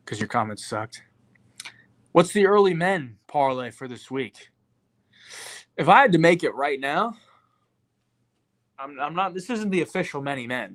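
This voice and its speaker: A man's voice: medium pitch, a bit bright, dry recording. A young man hosting a show, answering chat questions in a slangy, profane, laid-back way. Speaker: podcast host reading live chat. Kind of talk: casual chat.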